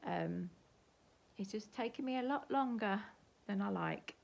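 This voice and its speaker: A woman's voice: medium pitch, lively intonation, unhurried, vocal fry, dull audio. An older woman with an English accent, rambling chattily to camera in a casual home vlog. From England. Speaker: vlogger. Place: at home, indoors.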